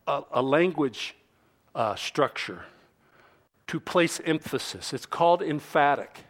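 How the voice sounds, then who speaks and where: A pastor in mid-sermon, a man with a fairly high voice that swoops widely as he preaches. He talks slowly and deliberately, punching key phrases loudly before falling to a quiet, low hush. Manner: emphatic, rises to loud stressed phrases then drops low and quiet; slow, deliberate delivery with repeated phrases.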